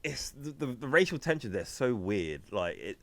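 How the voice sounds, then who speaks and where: A man's voice: medium pitch, sing-song, moderate pace, vocal fry, slight background noise. A man from England with an English accent, co-hosting a podcast in laid-back casual chat, full of "like" and "you know". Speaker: podcast co-host.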